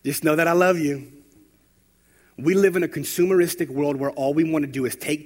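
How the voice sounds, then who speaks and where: Man preaching a lively sermon. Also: fairly high pitch, normal speed. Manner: storytelling, rising to loud emphatic preaching. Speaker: pastor.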